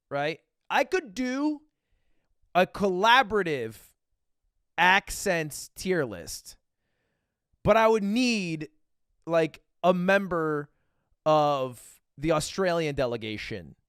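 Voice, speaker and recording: A man's voice: on the high side, clear, resonant tone, dry recording, studio quality. A man streaming live, chatting casually and reacting to videos with profane jokes. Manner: animated, profane, joking.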